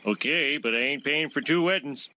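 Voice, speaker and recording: Homer, a dim cartoon dad. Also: male voice, medium pitch, normal speed, pushed and bright, a little hiss or hum. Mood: content. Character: dim, blustering cartoon father. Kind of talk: cartoon voice acting.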